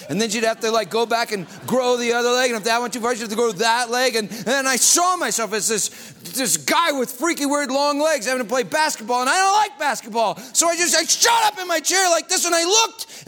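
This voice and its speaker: A man preaching a sermon as pastor, telling stories with animated peaks and dropping to soft, low tones when he reads aloud.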